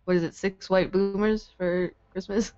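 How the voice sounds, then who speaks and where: A woman's voice: mid-range voice, fairly even intonation, unhurried, a little mellow, clear, resonant tone. A woman chatting casually on a game stream, telling little stories and giggling often. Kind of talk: casual chat. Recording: dull lo-fi stream audio.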